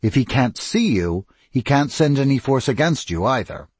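A man voicing a blunt, brawny ancient male vampire, speaking rough and forceful. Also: medium pitch, lively intonation, normal speed, no room sound, voice pushed up.

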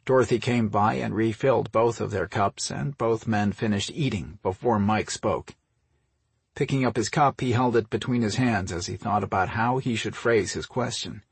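A man reading an audiobook story in a steady, measured narration. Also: on the low side, vocal fry, slightly rough, no echo. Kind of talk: scripted narration.

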